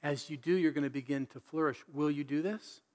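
A man preaching a sermon in an animated, conversational way, full of rhetorical questions. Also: fairly high pitch, a little fast. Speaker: pastor.

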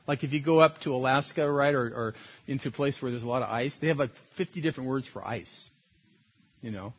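A man's voice: on the high side, breathy edge, dull audio. A man preaching a sermon as a pastor, in a conversational, storytelling way that laughs at its own points.

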